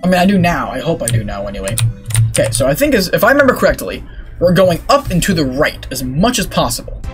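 A young man giving excitable let's play commentary, talking to himself and swearing at the game. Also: on the high side, fast. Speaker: gaming YouTuber. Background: game music.

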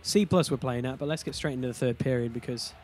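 A man's voice: medium pitch, fast, a little mellow, soft background music. A man giving casual let's-play commentary over his hockey game, often exasperated and exclaiming at what happens. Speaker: gaming YouTuber.

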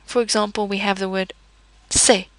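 Patient woman teaching French sounds, slight fry. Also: medium pitch, steady tone, fairly bright tone, no echo. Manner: patient, methodical, slows down to model words. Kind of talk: explanatory language lesson.

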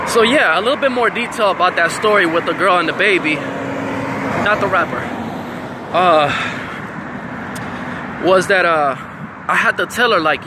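A man telling a story in a casual, profane, animated vlog, talking outdoors with faint traffic behind him. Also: on the high side, a little fast, pauses often. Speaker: vlogger.

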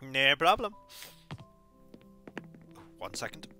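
A woman's voice: rumbling low, very animated, slow, sharp tone, faint music behind. A woman streaming a cozy game, chatting playfully with rambling, jokey asides. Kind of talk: casual game-stream chat.

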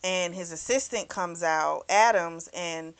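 A woman hosting a book club channel casually walks through a novel's plot, acting out the characters' lines as she goes and swearing freely. Her voice is lowish, slow-paced, clear, and resonant.

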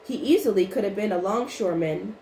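A woman voicing an eager teenage boy detective who talks in a lively, friendly way, in a roomy recording with faint noise. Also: medium pitch, a little fast, natural voice.

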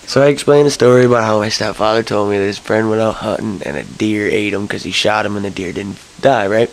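A young man telling a rambling story to camera, early in the morning, swearing and jumping to high yelps when he gets excited. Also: fast talker, vocal fry, few pauses, low-quality recording. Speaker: vlogger.

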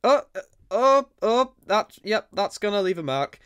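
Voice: mid-range voice, big pitch swings, measured pace, a bit bright, clean tone. Junior, a voice actor doing a laid-back surfer guy. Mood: flustered. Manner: chatty, easygoing, calls people cuz. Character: laid-back small magical surfer man, cheerful. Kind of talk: fan voice acting.

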